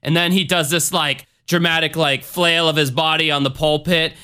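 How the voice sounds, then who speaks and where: A man in a casual chat, slangy and animated, peppering his speech with "like". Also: fairly high pitch, moderate pace, clear, resonant tone.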